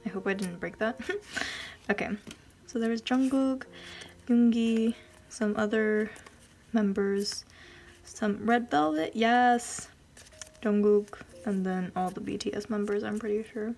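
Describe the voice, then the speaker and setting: A woman vlogger chatting casually as she unboxes a package, gushing and giggling, often dropping into soft whispers. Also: mid-range voice, slow pace, gravelly, pauses often, a little hiss or hum.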